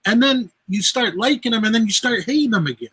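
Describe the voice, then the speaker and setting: Heated man with a husky voice. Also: very high voice, expressive, quick pace, a bit bright, rough recording. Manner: heated, accusing rant with cursing. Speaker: call-in guest. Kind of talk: casual chat.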